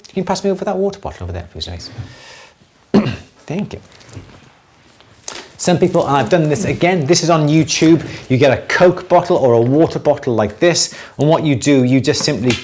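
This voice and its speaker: A middle-aged man hosting a live jewellery Q&A, explaining techniques step by step in a relaxed way, with many fillers and restarts. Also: medium pitch, a little hiss or hum. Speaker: jewellery maker answering viewer questions. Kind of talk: live Q&A demonstration.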